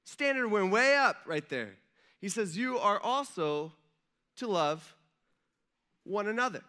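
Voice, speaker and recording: A man's voice: high voice, big pitch swings, slow pace, pushed and bright. A man, a pastor, preaching a casual sermon and acting out the lines of biblical figures in a conversational way. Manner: conversational, acts out dialogue voices. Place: church sanctuary.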